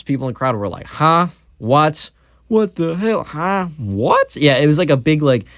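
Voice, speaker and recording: A man's voice: medium pitch, no room sound, studio quality. A young man narrating a story in a casual, rambling way, with lots of fillers and asides. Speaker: YouTube storyteller.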